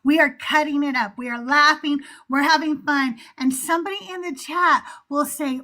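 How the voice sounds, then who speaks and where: High bright woman, profane podcast host, blunt and fiery. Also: normal speed. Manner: blunt, profane, heated and animated. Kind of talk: casual panel chat.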